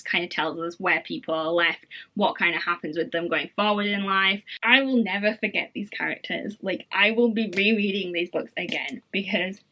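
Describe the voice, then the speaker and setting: Bright, gushing young woman book reviewer. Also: mid-range voice, low-quality recording. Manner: gushing, enthusiastic, chatty with many fillers. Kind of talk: casual chat to camera.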